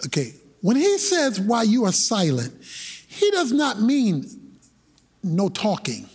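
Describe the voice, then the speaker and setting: A male preacher delivering a sermon in an animated, colloquial style, breaking into shouted bursts. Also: high voice, a little slow, husky.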